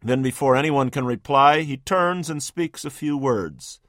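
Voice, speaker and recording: A radio preacher hosting a sermon narrates a story vividly in the second person, his scripted delivery emphatic. His voice is mid-range, fairly bright, and a little slow, in clean studio sound without room sound.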